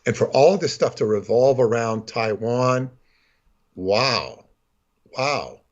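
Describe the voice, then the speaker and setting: A man's voice: medium pitch, expressive, slow, dull audio. A man telling stories and talking astrology in casual chat, rambling with many restarts and breaking into character voices. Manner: rambling, full of fillers and restarts, acts out voices.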